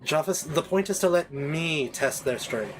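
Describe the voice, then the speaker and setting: A man's voice: on the high side, animated, unhurried, slight background noise. A man voicing a regal, weary dragon queen in a game, speaking with a put-on accent. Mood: thoughtful.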